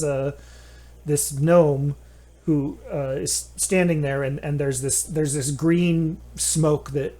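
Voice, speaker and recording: A man narrating an online tabletop game as game master, halting and restarting often. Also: on the high side, dark tone. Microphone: headset or desk mic on voice chat.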